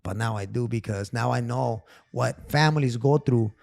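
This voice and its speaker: A man's voice: medium pitch, moderate pace, creaky, a little mellow, no echo. A man guest telling a personal story on a casual podcast, emotional and profane, repeating phrases. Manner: repeats phrases, calls host big dog. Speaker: therapist guest.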